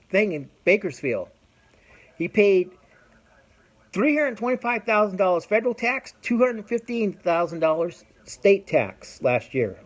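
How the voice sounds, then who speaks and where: A middle-aged man hosting a podcast, ranting bluntly and profanely in a rambling, casual way with frequent restarts. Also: high voice. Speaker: podcast host. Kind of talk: casual opinion rant.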